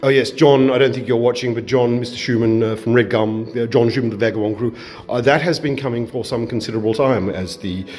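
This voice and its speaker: A man's voice: mid-range voice, steady tone, a little fast, a little mellow, faint music behind. A man hosting a home cooking show from his kitchen in a rambling comic monologue, bawdy and self-mocking, chuckling at his own jokes.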